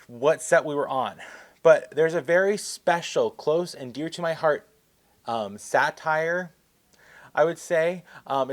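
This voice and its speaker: A man tells a story on his vlog, chatty and excitable, rambling from one detail to the next. His voice sits at an ordinary middle pitch. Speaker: vlogger.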